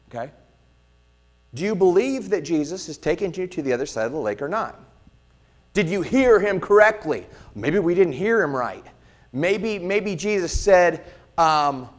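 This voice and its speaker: A male pastor preaching a conversational sermon who keeps checking in with the congregation and acts out the quoted lines in little voices. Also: sits high.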